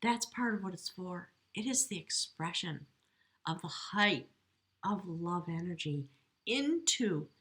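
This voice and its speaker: A woman giving an earnest, emotional tarot reading at home, talking slowly and reflectively, at times choked up. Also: fairly low pitch, fairly bright tone. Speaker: tarot reader. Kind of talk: spiritual tarot reading to camera. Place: home, near a window.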